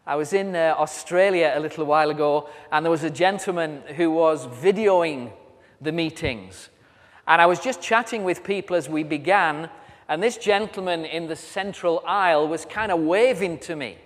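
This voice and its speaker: A man's voice: a little high, moderate pace. A British man preaching at a convention, telling stories with humor as he walks about. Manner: storytelling with humor, walks around while speaking. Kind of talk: sermon. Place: large convention hall. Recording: reverberant hall.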